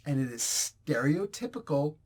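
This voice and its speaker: A man reviews a comic book in a blunt, rambling, exasperated rant. His voice sits slightly high for a man. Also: expressive, moderate pace, a little mellow. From New Jersey, US. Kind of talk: casual ranting review.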